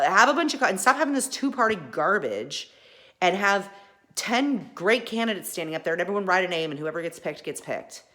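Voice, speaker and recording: A woman talking in an impassioned personal monologue, emphatic and folksy, often restarting and swinging between loud and soft. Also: medium pitch. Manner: folksy mild swearing. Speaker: podcast host.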